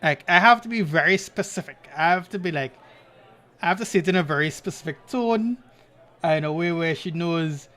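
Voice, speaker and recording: Fairly high-pitched and a little quick, the man co-hosting this podcast is an animated storyteller who keeps breaking into laughter during casual conversation.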